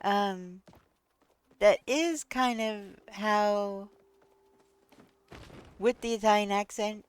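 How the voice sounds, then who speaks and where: Giggly slow-talking New woman streamer. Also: mid-range voice, clean tone. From New York. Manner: giggly, laughs often between short remarks. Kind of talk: casual live-stream chat.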